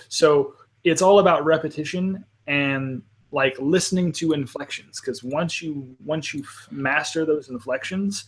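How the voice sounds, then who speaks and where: A man's voice: on the high side, a little slow, a bit bright. A man hosting a live panel discussion, talking casually and at length in a friendly, rambling way with lots of fillers. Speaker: panel host.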